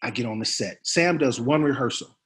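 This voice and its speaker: A man, an actor as a guest, telling stories casually in an interview with lively, laughing delivery. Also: mid-range voice, a little fast. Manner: animated, laughing storyteller.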